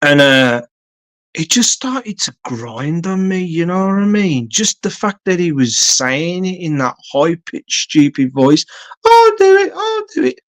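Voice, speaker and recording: A man's voice: fairly high pitch, lively intonation, measured pace, fairly bright tone. A man telling a long story on a casual live stream, blunt and sweary, rambling with lots of fillers.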